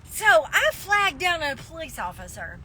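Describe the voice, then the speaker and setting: A woman's voice: sits high, big pitch swings, a little slow, heavy background noise. A woman telling a dramatic story to her phone from inside a car, laughing often as she goes. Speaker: social media live streamer. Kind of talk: casual storytelling.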